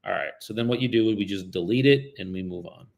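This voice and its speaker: A man's voice: on the low side, fast, vocal fry, dull audio. Young male real estate broker streaming his cold calls, slangy and casual with viewers, polite on the phone. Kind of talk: live-streamed cold calling.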